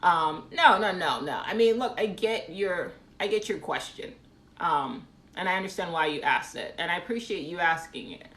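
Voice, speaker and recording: A woman's voice: fairly low pitch, lively intonation, normal speed, fairly bright tone. A woman painter chatting on a live phone stream, rambling casually with lots of ums and reading viewer comments aloud. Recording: echoey room.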